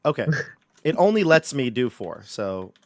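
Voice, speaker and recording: A man's voice: mid-range voice, big pitch swings, normal speed, no room sound. A man running a livestreamed tabletop horror game, joking and chatty with his players. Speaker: game master.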